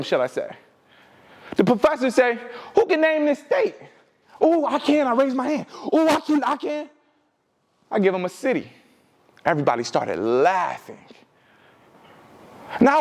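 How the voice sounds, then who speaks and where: A young man from Detroit giving a motivational talk, telling his own story in an emphatic way that swings between loud and hushed. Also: mid-range voice. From Detroit, USA. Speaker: motivational speaker. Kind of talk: personal storytelling speech.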